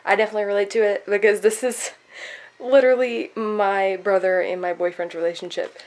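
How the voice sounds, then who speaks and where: A woman's voice: medium pitch, fairly even intonation, brisk, darkish tone. A young woman chatting casually about a novel she is reading, giggling often and filling her talk with "like". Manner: giggly, gushing, lots of filler likes. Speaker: book vlogger. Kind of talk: casual chat retelling a book.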